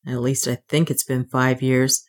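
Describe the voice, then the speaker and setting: A woman's voice: very deep voice, little pitch movement, normal speed, voice pushed down. A woman voicing a weary, bitter male worker thinking of home in a storybook reading. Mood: wistful.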